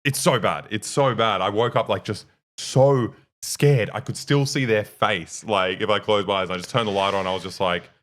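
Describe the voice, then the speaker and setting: A young man with a fairly low voice tells a story in a casual chat, swearing freely and getting animated as he goes. His delivery stays loose and conversational. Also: normal speed, hardly any pauses. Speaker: co-host.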